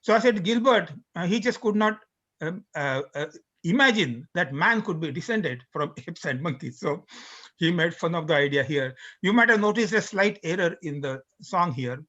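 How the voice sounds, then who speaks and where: A man giving an introductory lecture in an explanatory manner, pausing and restarting between points, on a dull lo-fi recording. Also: fairly high pitch, expressive, sharp tone. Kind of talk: introductory lecture with recited lyrics.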